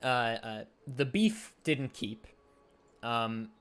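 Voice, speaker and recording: A man's voice: mid-range voice, animated, drawn-out words, fairly bright tone, slight background noise. A man narrating as game master of a tabletop game, telling the scene with vivid sound effects and light chuckles.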